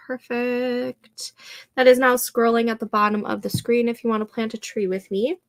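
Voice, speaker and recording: A woman hosting a casual live stream of writing sprints, stuffy from allergies, reading viewer comments aloud and reacting with unhurried encouragement. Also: a little high, flat delivery. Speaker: livestream host running writing sprints.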